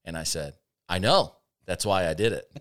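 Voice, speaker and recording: A man's voice: deep voice, moderate pace, fairly bright tone. A man hosting a casual talk show, telling sardonic stories about an old job and laughing often. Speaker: podcast host. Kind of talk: casual chat, storytelling.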